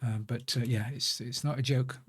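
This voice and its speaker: A man's voice: mid-range voice, steady tone, normal speed, husky. A man streaming a building game, muttering to himself as he works and chatting in asides. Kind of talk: casual live-stream chat while playing.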